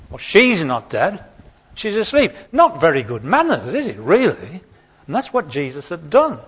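A man gives a Sunday children's talk in church, speaking into a handheld microphone. His husky voice sits a little high and swoops with lively expression. The recording sounds dull and lo-fi. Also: moderate pace. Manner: animated storyteller who acts out voices and questions the listeners. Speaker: preacher. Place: church during a Sunday service.

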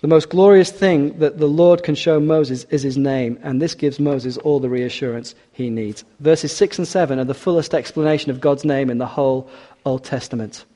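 Male preacher, mellow tone, expressive sermon delivery, echoing hall. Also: on the high side, normal speed. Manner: expressive, rising for emphasis, drops quiet for scripture.

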